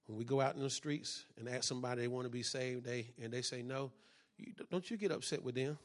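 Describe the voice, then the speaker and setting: A man pastor preaching a sermon and telling a testimony in church, using call and response and building from quiet to loud. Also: mid-range voice, fast.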